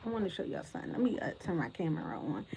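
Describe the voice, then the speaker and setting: Animated woman streamer on a tablet. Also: fairly low pitch, rapid-fire, gravelly, slightly rough, poor audio. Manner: animated, exclamatory, addresses viewers as y'all. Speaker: commentary host. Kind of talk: livestream reaction commentary. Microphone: phone or tablet.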